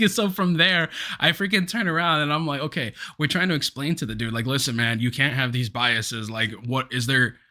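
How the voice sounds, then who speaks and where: A podcast co-host with a medium-pitched voice at normal speed tells a story during a casual chat. He's animated and often breaks into laughter partway through the tale.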